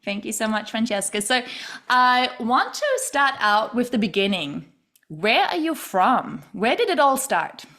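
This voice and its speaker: A woman's voice: fairly high pitch, expressive, measured pace, a bit bright. A woman hosting a casual studio interview, gushing and enthusiastic with her guest. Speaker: podcast host.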